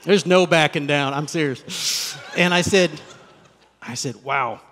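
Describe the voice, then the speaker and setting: Middle-aged pastor preaching in an echoing hall. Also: male voice, a little high, a little slow. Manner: animated, conversational storytelling. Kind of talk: sermon with personal storytelling.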